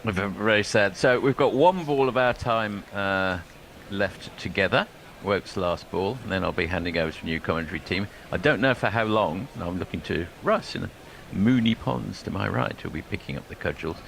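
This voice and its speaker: This is a man doing ball-by-ball cricket commentary. His voice sits deep with a gravelly edge, and he speaks in a measured way that trails off at phrase ends, over faint noise. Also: expressive, fairly bright tone.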